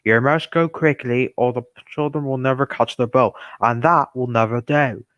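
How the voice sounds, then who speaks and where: A man voicing a stern male railway boss from a cartoon, with a booming delivery. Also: fairly even intonation, moderate pace, a bit bright, dry recording, dull audio, close to an everyday voice.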